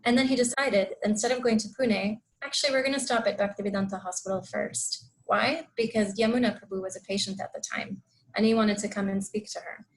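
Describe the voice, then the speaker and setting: A woman's voice: medium pitch, poor audio. A woman giving a devotional talk in an online program on a video call, telling a story with many fillers and acting out the quotes. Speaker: speaker.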